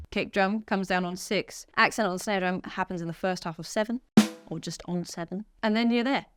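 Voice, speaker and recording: A woman's voice: mid-range voice, steady tone, normal speed. A woman teaching a drum lesson, upbeat and counting beats aloud as she plays. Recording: music studio with loud drum kit.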